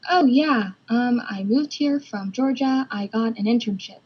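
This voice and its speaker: A woman's voice: on the high side, a little slow, husky, muffled recording. A woman voicing a nervous young woman who is new to the neighborhood, speaking hesitantly. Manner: hesitant, unsure.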